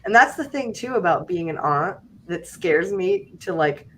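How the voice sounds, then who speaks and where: Her voice sits on the low side and moves a little slowly as she hosts a livestream. The young woman chats casually, telling funny stories with animation and frequent laughter.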